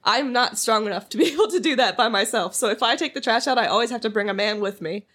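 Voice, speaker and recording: A woman's voice: fairly high pitch, fast talker, a bit bright. A young woman co-hosting a casual chat podcast, telling rambling stories with lots of fillers and restarts, giggling as she goes. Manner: giggles through her stories. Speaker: podcast co-host.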